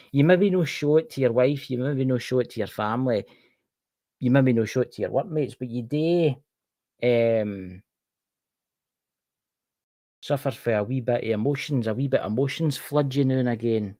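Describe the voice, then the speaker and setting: A man's voice: medium pitch, warm tone, dry recording. A man with a Scottish accent giving a casual tarot card reading on a livestream, chatting to a viewer by name as he turns each card.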